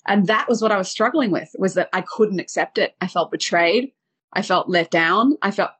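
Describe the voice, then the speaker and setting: A woman's voice: mid-range voice, moderate pace, a bit bright, breathy edge. A woman dating coach telling a personal story with feeling, acting out the quotes. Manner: vivid retelling with acted quotes.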